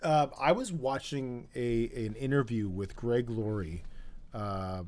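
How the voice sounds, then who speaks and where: A man's voice: medium pitch, slow, a little mellow, dry recording. Playful male podcast co-host. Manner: playful, drifts into joking put-on voices. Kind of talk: casual chat.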